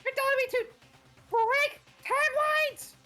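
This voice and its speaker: Super high shrill evil bear mascot, bright and mocking, gloats nonstop. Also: male voice, steady tone, unhurried, soft background music, full character voice. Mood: gloating. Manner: sing-song, mocking, gloating. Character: gleeful sadistic male bear mascot. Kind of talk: reading game dialogue in voices.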